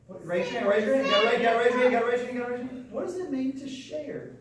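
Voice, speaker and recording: A man's voice: very high-pitched, very fast, crowd noise. A man, a martial arts instructor, giving a playful call-and-response lesson to young children, coaxing them to repeat words. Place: large school room with children. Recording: echoey room recorded from far off with children behind.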